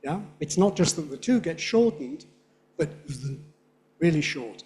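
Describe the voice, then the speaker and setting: A man delivers a lecture at a conference, speaking with a fairly high pitch. He keeps asking the audience "yeah?" to check that they follow. To show a speech pattern, he chants syllables on a steady beat. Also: normal speed. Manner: frequent "yeah?" checks, demonstrates rhythms by tapping and chanting syllables. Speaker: lecturer on English pronunciation. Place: lecture hall.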